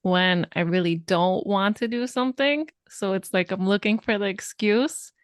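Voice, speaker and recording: A woman's voice: mid-range voice, moderate pace, dry recording, clean studio sound. A woman co-hosting a parenting podcast, talking candidly about her own struggles as a mother. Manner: candid, chatty, self-deprecating. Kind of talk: casual podcast chat.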